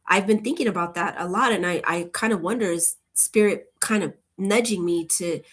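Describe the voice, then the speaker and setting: Woman, casual rambling chat, lower-pitched voice, upbeat and talkative. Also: moderate pace, husky. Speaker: channel host.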